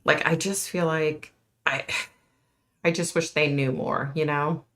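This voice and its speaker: A woman's voice: deep voice, fairly even intonation, a little slow, fairly bright tone. A middle-aged woman hosting a casual livestream, chatting and answering viewer comments. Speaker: livestream host.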